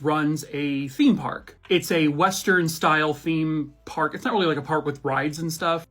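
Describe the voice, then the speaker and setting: A man with a fairly high voice hosts a casual movie and TV review chat. He talks in an enthusiastic, conversational way and keeps a playful edge. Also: fairly bright tone. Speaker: host.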